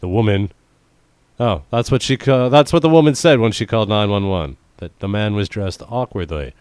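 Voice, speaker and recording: A man's voice: lowish voice, normal speed, a little mellow, smooth, no echo. A man co-hosting a casual podcast, joking around and reading strange news stories aloud with sarcastic asides. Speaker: podcast co-host.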